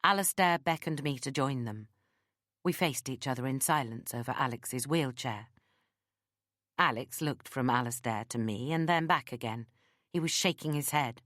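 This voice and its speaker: A woman narrating a first-person audiobook, with a low voice and a very dry, close sound. She reads with lively storytelling energy. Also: normal speed, dry recording.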